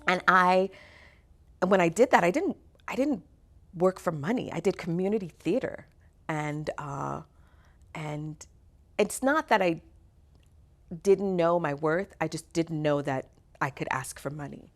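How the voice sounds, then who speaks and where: A middle-aged woman, an actor and singer, telling stories from her career in an interview. She is animated, laughs often and acts out the voices of people in her stories. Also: fairly low pitch, unhurried, long pauses. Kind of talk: conversational interview storytelling.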